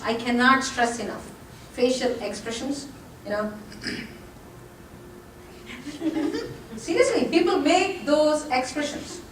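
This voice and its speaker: High-voiced woman lecturing in a roomy hall. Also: fairly bright tone. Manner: direct, joking asides to the audience. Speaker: college lecturer giving a workshop talk. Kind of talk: lively presentation talk. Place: presentation room with an audience. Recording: roomy, distant, faint background noise.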